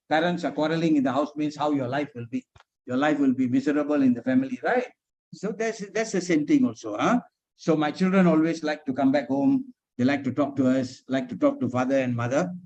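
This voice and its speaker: A man with a Malaysian English accent teaches grammar over a video call, repeating points and checking in with students as he goes. His voice sits a little high for a man, and the call audio is dull and muffled. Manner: repeats points, checks in with "huh?" and "all right". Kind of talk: online class teaching.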